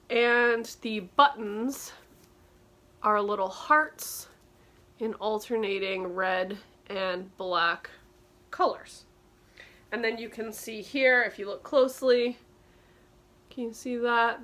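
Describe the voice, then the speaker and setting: A woman's voice: fairly high pitch, fairly bright tone. A woman vintage clothing reseller giving a chatty show-and-tell tutorial, explaining details with frequent ums.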